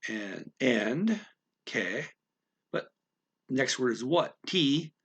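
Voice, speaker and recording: A man slowly explaining a story word by word as a language teacher, thinking aloud with many pauses. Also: medium pitch, animated, breathy edge, muffled recording. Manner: slow, thinking aloud, frequent fillers.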